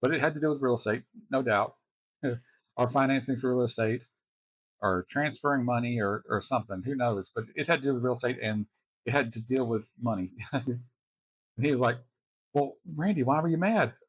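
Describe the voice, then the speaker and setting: Man telling stories in halting speech. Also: medium pitch, breathy edge, dry recording. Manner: halting, restarts often, chuckles wryly. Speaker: host reacting to a video. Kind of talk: casual personal storytelling.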